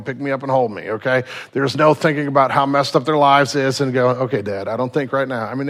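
A man in his thirties preaching a sermon, lively and conversational, acting out the people in his stories. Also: mid-range voice. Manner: animated storytelling, acting out quotes. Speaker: pastor.

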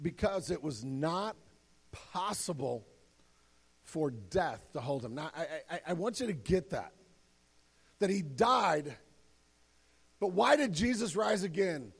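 Male pastor, earnest, emphatic sermon delivery, gravelly voice, reverberant hall sound. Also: fairly high pitch, sing-song, slow, pauses often. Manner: earnest, repeats words, builds to emphatic peaks. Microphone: handheld or stage microphone.

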